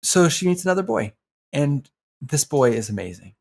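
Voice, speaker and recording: A middle-aged man co-hosting a podcast, telling a family story in an earnest, reflective way and slowing down to stress his points. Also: fairly high pitch, sing-song, vocal fry, a little mellow. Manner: earnest, reflective, slows down for emphasis. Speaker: podcast co-host. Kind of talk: heartfelt conversational storytelling.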